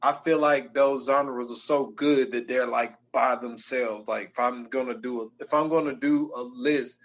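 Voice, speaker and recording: A man of middling pitch chatting on a podcast, thinking aloud in a relaxed way and restarting his sentences. The sound is dull and lo-fi, with the highs muffled. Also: moderate pace. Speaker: podcast co-host. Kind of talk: casual chat. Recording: dull lo-fi audio.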